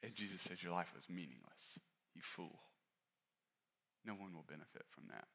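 A male pastor preaching a sermon in a candid, conversational way, rising to stress points and dropping low and quiet for personal asides. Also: animated, normal speed, vocal fry. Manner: candid, conversational preaching that rises and falls in force.

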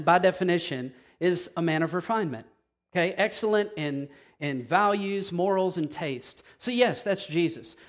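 High-pitched male preacher, casual and punchy sermon delivery. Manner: emphatic, conversational, swings between quiet and loud.

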